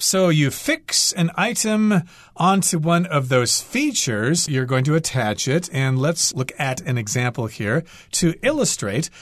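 A man teaching English on a radio lesson, walking through vocabulary with everyday examples. He is patient and says key words over slowly. His voice sits at a middle pitch in a dry, close studio sound. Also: dry recording.

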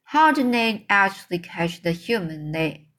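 A woman's voice: medium pitch, very animated, a little slow, a bit bright. A woman reading a children's book aloud, voicing a brave, curious young girl who asks many questions.

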